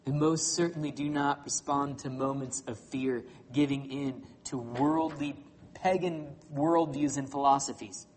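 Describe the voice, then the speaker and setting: A pastor preaching a sermon, swinging between loud, high passages and hushed, low ones, and ending by leading a prayer. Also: male voice, fairly even intonation, unhurried, slight background noise. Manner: closes by leading a spoken prayer.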